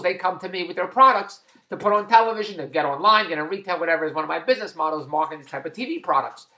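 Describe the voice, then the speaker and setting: Fast-talking excitable man in echoey room. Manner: chatty, digressive, excitable storyteller. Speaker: vlogger and TV producer. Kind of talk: rambling personal video blog. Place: his kid's bedroom at home. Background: dog squeaking a toy.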